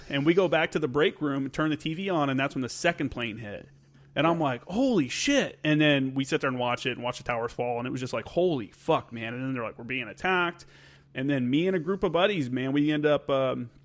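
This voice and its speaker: A man's voice: mid-range voice, fast talker. A man from Tennessee, a podcast guest and Marine instructor, telling stories in casual chat, swearing freely and using many fillers. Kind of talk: casual storytelling.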